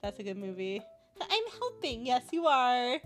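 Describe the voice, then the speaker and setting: A high-pitched woman streamer chatting with her viewers in a playful, slightly loopy way, breaking into giggles every few words. Soft music plays faintly in the background behind her. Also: very animated, moderate pace. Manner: giggly, laughs constantly. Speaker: live streamer. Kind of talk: casual chat with stream viewers.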